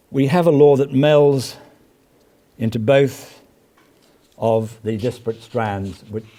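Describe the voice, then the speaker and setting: An older man, a law professor, giving an academic lecture in a measured, halting way, often pausing with "uh" and stressing key words as he reads quotations aloud. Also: medium pitch, warm tone.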